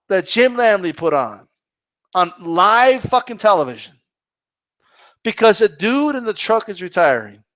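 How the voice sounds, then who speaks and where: Man, high lively voice, profane mocking rant, dull lo-fi audio. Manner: animated, profane, mocking with mimicked quotes. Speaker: boxing channel host. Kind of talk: live Q&A rant.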